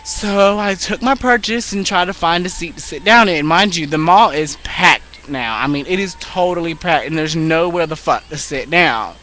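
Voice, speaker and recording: A man's voice: a little high, normal speed, hardly any pauses, bright, forceful tone. A young man telling a story in a sassy, dramatic and profane way, gossipy and over the top. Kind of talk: casual storytelling monologue.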